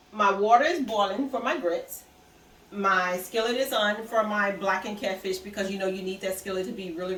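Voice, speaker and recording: A woman talks through a recipe at her stove in a chatty, rambling way, often correcting herself mid-sentence. Her voice is middle-pitched and sits back from the camera in a room with a lot of echo. Food fries and sizzles faintly behind her. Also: a bit bright, recorded from a distance, a little hiss or hum. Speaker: cooking vlogger. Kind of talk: casual cooking vlog. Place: home kitchen, cooking at the stove.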